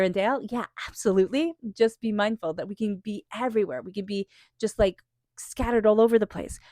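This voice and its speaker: A woman reads tarot cards into a small microphone. Her tone is gentle and meditative at first, then loose and conversational, with plenty of "like" and "you know". The sound is dry and close, with no room echo, and her pitch sits mid-range. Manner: soft guided-meditation phrasing, casual with many fillers. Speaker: tarot reader. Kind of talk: spoken tarot reading.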